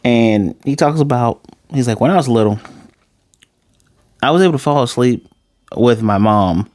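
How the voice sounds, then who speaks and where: A man's voice: medium pitch, normal speed, darkish tone, no echo. A young man recapping and reviewing an anime episode in a loose, joking, slangy way, swearing freely.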